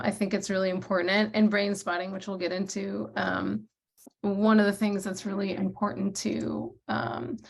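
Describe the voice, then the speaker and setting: A woman's voice: medium pitch, gravelly. A woman co-facilitating an online workshop on a video call, speaking reflectively and sometimes searching for her words.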